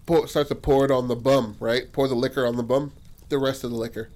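A man in a middle pitch range, telling a story in a relaxed, rambling way. He swears often and pads his sentences with fillers. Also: a little fast. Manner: profane, rambling, says "like" and "and shit" a lot. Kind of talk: casual spoken storytelling.

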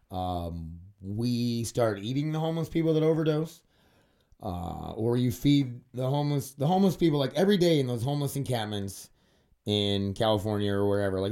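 A man's voice: on the low side, darkish tone. A man hosting a solo podcast monologue, rambling and swearing freely, with frequent fillers like "uh" and "dude". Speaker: podcast host.

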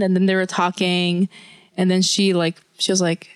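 A woman podcast co-host telling a story in casual chat, animated and full of fillers. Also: fairly low pitch, normal speed, no echo. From Korean family. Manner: animated storytelling with lots of "like" and laughter.

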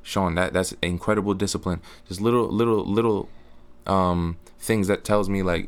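A man's voice: low voice, fairly even intonation, a little fast. A young man in casual podcast chat, talking earnestly in slang and restarting his sentences often. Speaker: guest.

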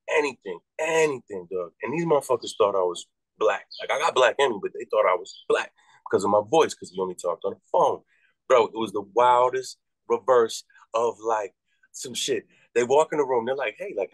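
A rapper from Massachusetts telling a story in a casual interview, animated and profane, acting out the people he quotes with big jumps in his voice. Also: medium pitch, no echo, low-quality recording. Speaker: rapper and podcast guest.

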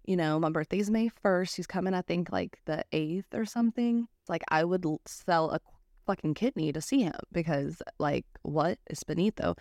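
A woman's voice: lowish voice, moderate pace, darkish tone, no room sound, clean studio sound. A young woman in her twenties hosting a casual podcast, ranting with heavy swearing and a constant run of "like" fillers. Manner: ranting, profane, lots of "like" fillers. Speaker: podcast host. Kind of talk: casual chat.

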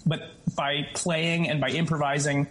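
A man's voice: a little high, flat delivery, unhurried, fairly bright tone, poor audio. A man with a tenor voice, an actor and guest, talking casually in an interview and explaining with frequent restarts and asides.

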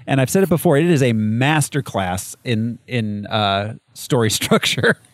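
A man's voice: mid-range voice, a little slow, no room sound. A man co-hosting a casual movie review chat, rambling through cast lists with many fillers and frequent laughs. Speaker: podcast co-host.

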